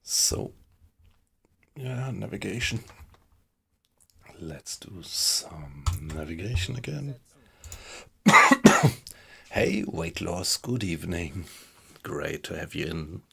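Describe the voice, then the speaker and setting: Deep gravelly man streaming a game. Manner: relaxed, unhurried, greets viewers chattily. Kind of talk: casual live-stream chat while playing. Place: small home computer room.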